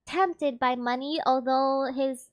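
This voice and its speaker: Young woman gaming streamer, giggly, chats with viewers, high voice. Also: fairly even intonation, slow pace, muffled recording. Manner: giggly, chatty, talks to chat. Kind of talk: casual chat with viewers.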